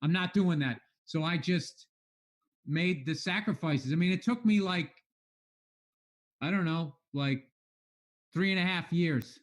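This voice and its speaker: A man in his thirties, a guest comedian in a casual chat, candid and animated, swearing a lot. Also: a little high, measured pace, long pauses.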